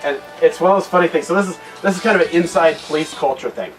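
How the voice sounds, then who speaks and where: A man giving a conversational talk at a men's retreat, retelling a Bible story with many restarted phrases and a quieter voice for serious points. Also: on the high side, fast, faint music behind. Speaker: guest speaker at a men's retreat. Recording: distant mic with loud background noise.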